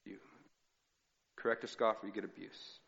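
A man's voice: on the low side, fairly even intonation, moderate pace, creaky, fairly bright tone. A male pastor giving a conversational sermon, weaving personal stories into his teaching. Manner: conversational preaching with personal anecdotes. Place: church sanctuary. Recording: reverberant hall, dull sound.

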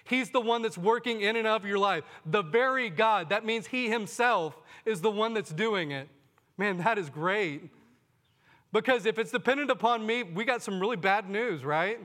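High-voiced man preaching in a reverberant hall. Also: moderate pace, fairly bright tone. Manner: earnest, repeats "hey, folks", asks the congregation questions. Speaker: pastor. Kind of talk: sermon.

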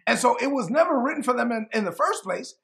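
A male preacher teaching a sermon to camera in an animated, conversational way, often repeating himself for emphasis. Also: very high voice, fast talker, gravelly.

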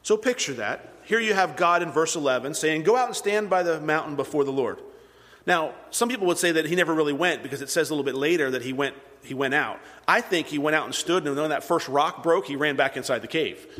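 A pastor with a somewhat high, slightly bright voice preaches quickly and with hardly any pauses, retelling scripture to his congregation in an earnest, conversational storytelling style. The church hall gives a long reverb.

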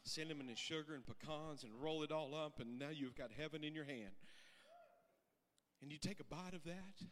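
A high, bright-voiced preacher, delivering a folksy sermon that drops to a hush and climbs to shouting. His voice rings out with a long reverb off the church sanctuary walls. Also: normal speed. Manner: swings from hushed musing to loud shouting; folksy, repeats "what if". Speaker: pastor.

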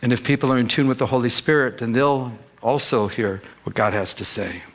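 A man's voice: medium pitch, fairly quick, fairly bright tone. A man preaching a sermon as pastor, emphatic, repeating phrases and acting out the people he quotes.

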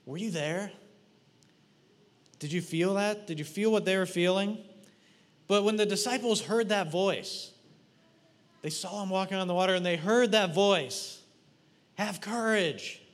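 A man delivers a lively sermon, walking his listeners through a scene they are asked to picture, teasing and questioning them as he goes. His voice sits a little high for a man, and it carries with a long reverb in a large hall. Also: unhurried, long pauses. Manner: animated, playful, addresses congregation directly. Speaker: preacher. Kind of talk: sermon with guided imagery.

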